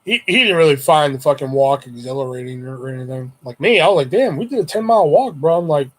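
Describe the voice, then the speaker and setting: A man's voice: fairly high pitch, lively intonation, quick pace. A man telling a long rambling story on his vlog, swearing constantly and acting out the voices of his friends. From Houston area. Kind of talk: casual storytelling.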